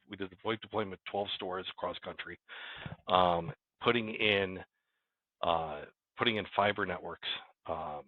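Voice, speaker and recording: A company president appears as a guest, chatting casually in a low-pitched voice and rambling with plenty of restarts. The remote call audio is dry and phone-like, with no room sound.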